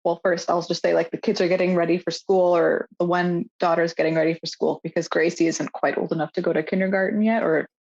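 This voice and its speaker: A young woman co-hosting a podcast, recapping a show in casual, animated chat full of fillers and swearing. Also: on the low side, fast, creaky, hardly any pauses, muffled recording. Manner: animated, swearing, lots of fillers and quoted lines. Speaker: podcast co-host.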